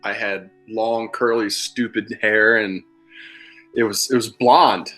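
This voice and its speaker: A man in his thirties from Philadelphia, USA, chats casually as a podcast guest, telling rambling, candid stories and swearing freely. His voice is fairly low and steady, with a slow pace and a fairly bright tone, and faint music plays behind him.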